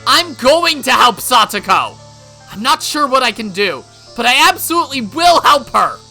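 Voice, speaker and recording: A woman playing a hot-headed teenage boy from a visual novel, earnest and loud, calling out with bright, lively force. The pitch rises and falls widely as he pleads. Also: moderate pace, soft background music, heavily acted. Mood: desperate. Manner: pleading, shouting. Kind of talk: voiced visual novel reading.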